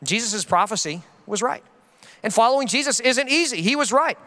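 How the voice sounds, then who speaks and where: High, bright-voiced man preaching passionately. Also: expressive, normal speed, in a large hall. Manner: passionate and emphatic, acting out quoted voices. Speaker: pastor. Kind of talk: sermon.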